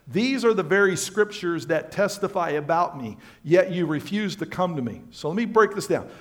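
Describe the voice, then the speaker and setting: A male pastor preaching a sermon to his congregation, swinging between loud emphatic lines and quiet, low asides. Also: expressive, normal speed. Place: church sanctuary.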